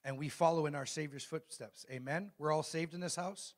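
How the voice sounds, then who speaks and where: Man preaching with call-and-response. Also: fairly high pitch. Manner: call-and-response preaching, asks the congregation questions; reads scripture slowly and emphatically. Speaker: pastor. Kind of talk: sermon.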